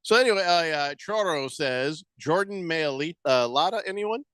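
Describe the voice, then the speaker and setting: A man's voice: on the high side, expressive, normal speed, a bit bright, clear, resonant tone, dry recording. A man hosting sports talk radio, chatting casually and joking around with playful exaggeration.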